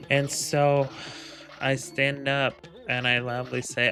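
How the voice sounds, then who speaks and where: Bright-voiced man telling a profane story. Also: mid-range voice, level tone, slow pace, gravelly, soft background music. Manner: rambling, profane, with many ums and laughs. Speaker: gaming video creator. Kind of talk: casual storytelling over gameplay.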